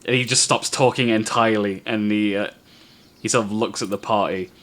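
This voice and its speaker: Man, game master, bright voice, relaxed halting narration. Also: fairly low pitch.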